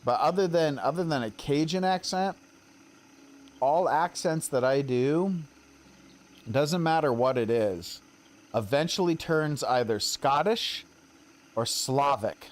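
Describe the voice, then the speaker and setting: A man's voice: fairly high pitch, animated, slow pace. A young man with a Western American accent, chatting casually and rambling a little as he streams a game. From Colorado. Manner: rambling, chatty, self-deprecating.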